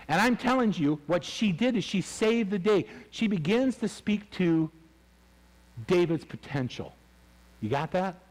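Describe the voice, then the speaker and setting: A man preaching a sermon as pastor, with a New England accent, swinging between loud emphatic lines and hushed asides. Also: on the high side. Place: church sanctuary. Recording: long church reverb.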